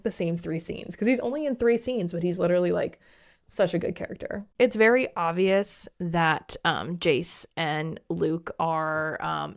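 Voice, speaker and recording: Young woman, low and a bit creaky, casual gossipy recap, quick voiced asides, swears a lot. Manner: gossipy, swears freely, acts out characters' lines in quick asides. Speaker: YouTuber recapping a TV series.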